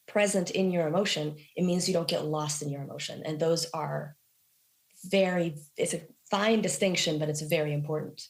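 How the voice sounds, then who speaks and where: A woman musician being interviewed, telling stories in a reflective, animated way with casual fillers. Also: on the low side. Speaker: guest musician. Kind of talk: conversational interview.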